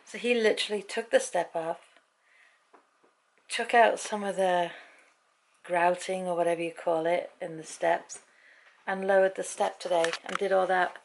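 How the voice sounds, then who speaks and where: A woman's voice: fairly low pitch, vocal fry. A British woman telling a story at home in a casual vlog, chatty and laughing often as she acts out what people said. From Britain. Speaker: vlogger.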